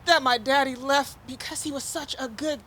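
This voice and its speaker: A woman's voice: sits high, steady tone, moderate pace, a bit bright. A woman speaking at her father's memorial, casual and heartfelt, chatting with the gathered crowd. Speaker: eulogy speaker, daughter of the deceased. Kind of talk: emotional memorial speech.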